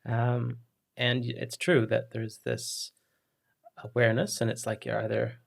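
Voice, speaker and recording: A man hosting a podcast interview, speaking with a halting, thinking-aloud manner and a non-Australian accent. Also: medium pitch, completely flat delivery, gravelly. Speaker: podcast host. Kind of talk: interview chat.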